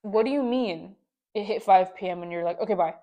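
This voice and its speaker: A woman's voice: medium pitch, fairly quick, dark tone, highs cut off. Young woman ranting on her podcast. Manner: exasperated, ranting, lots of "like". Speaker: podcast host. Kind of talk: casual story-time venting.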